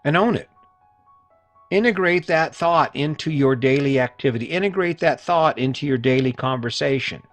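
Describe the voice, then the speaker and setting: A man's voice: on the high side, normal speed, dry recording, faint music behind. A middle-aged man hosting a solo motivational podcast, talking earnestly and emphatically and repeating points for emphasis. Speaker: podcast host.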